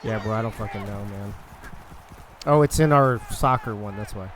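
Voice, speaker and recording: A man's voice: on the low side, normal speed, fairly bright tone. Man doing loose football stream commentary. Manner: loose and profane, chatting with the stream between plays. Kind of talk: casual live-stream game commentary.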